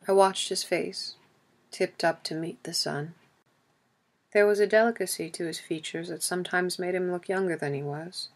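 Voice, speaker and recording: A woman reading a novel aloud in soft, intimate, unhurried narration. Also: low-pitched. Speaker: audiobook reader.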